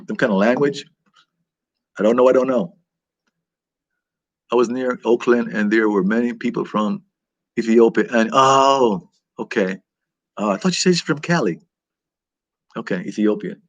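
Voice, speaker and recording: A man's voice: medium pitch, animated, moderate pace, no room sound. A man hosting a casual live-stream chat, rambling and reacting aloud to viewer comments. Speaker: vlog host reading live chat.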